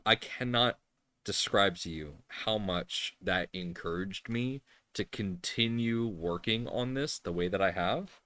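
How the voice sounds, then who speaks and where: A man's voice: lowish voice, sharp tone, no echo. A man hosting a casual live stream from a home workshop, talking in a rambling way with lots of fillers and restarts. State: tearful at times. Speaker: live-stream host building a 3D printer.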